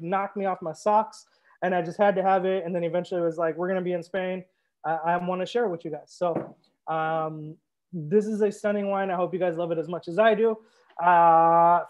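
Upbeat young man hosting a wine livestream. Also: high-pitched. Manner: chatty, upbeat, addresses viewers directly. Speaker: sommelier and show host. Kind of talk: live-streamed wine tasting chat.

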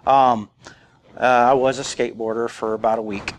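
A man's voice: medium pitch, steady tone, normal speed, slight background noise. A man in his forties giving a casual, joking conference talk and quoting old movie lines. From rural area. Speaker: conference speaker. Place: conference room.

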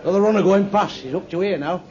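A man's voice: high voice, quick pace, a little mellow. A man telling blunt, crude jokes in a club stand-up routine, with asides to the crowd. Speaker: stand-up comedian. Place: live club venue with audience. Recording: echoey room, dull lo-fi live tape with crowd noise.

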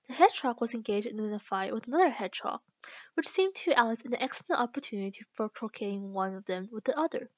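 A woman's voice: a little high, no room sound, lo-fi sound. Woman reading a storybook aloud. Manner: slow, careful reading with small restarts. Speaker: reader. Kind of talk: reading a children's book aloud.

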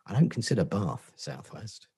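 Husky-voiced man with a Portsmouth accent. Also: sits low, big pitch swings, moderate pace, mellow. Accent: Portsmouth English. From Portsmouth, England. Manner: sweary, self-deprecating, jokey. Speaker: podcast guest, agency founder. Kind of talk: casual interview chat.

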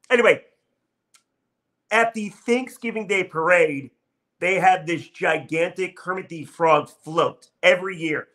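A man's voice: high voice, a little slow, bright, forceful tone. A man in his thirties hosting a sports talk podcast, delivering an upbeat, chatty monologue and urging listeners to subscribe.

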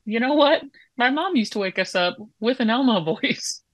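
A woman co-hosting a casual podcast, animated and teasing as she tells stories. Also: a little high, normal speed, dry recording. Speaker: podcast co-host. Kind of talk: casual chat.

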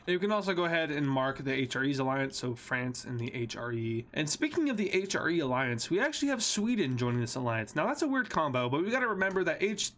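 Young man, fairly high voice, casual map narration, jokey asides, lots of fillers. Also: a bit bright. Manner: joking asides, fillers, restarts. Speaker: map scenario video narrator. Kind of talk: casual commentary over a map animation.

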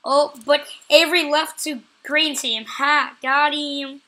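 A woman giving live gameplay commentary as a channel host, excitable, repeating phrases over and over and yelling out when she catches something. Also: sits high, slow.

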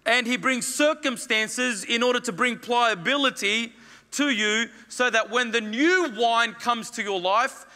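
High, bright pastor preaching. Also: male voice. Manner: emphatic, repeats phrases, acts out quoted lines. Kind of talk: sermon. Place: church hall. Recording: long reverb of a church hall.

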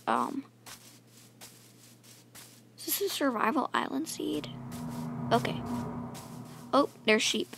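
A woman's voice: a little high, slow, vocal fry, long pauses, a bit bright, a little hiss or hum. A woman giving casual, rambling let's-play commentary, mumbling and chatting to the animals in her game. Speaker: gaming channel host.

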